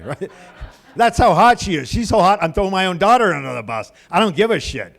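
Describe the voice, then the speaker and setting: Middle-aged male stand-up comic, slightly high voice, very animated pitch, crude punchy club set with crowd banter. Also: fairly quick, vocal fry. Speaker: stand-up comedian. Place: comedy club stage.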